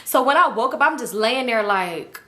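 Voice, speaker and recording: Young woman, storytime vlogger, lively profane retelling, near-whispered asides, sharp bright voice. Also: fairly high pitch, moderate pace, a little hiss or hum. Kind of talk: casual storytime vlog.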